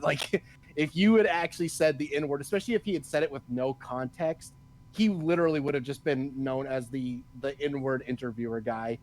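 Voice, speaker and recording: A man's voice: mid-range voice, fairly even intonation, a little fast. A man co-hosting a podcast in casual chat, ranting with a lot of swearing and frequent laughs. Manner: profane, ranting, laughs often. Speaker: podcast co-host.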